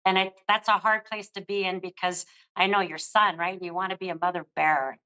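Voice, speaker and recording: Older female psychic host, gentle and affectionate reading, bright tone, muffled lo-fi sound. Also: lowish voice, fairly even intonation, fairly quick. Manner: soothing, affectionate, calls the caller love. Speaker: psychic reader. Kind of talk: live psychic reading on air.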